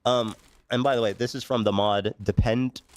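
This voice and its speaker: A male podcast host reads online posts aloud and mocks them, swearing freely. His voice sits at a middle pitch and sounds dry and close, with no room around it. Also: fairly even intonation, normal speed, no room sound. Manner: mocking, profane, reads posts aloud with sarcasm. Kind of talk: casual podcast banter.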